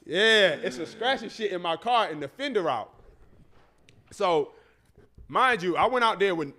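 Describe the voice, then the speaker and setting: High-voiced man telling a profane story. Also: measured pace. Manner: animated, profane, acts out voices in his story. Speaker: podcast host. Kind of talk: casual storytelling.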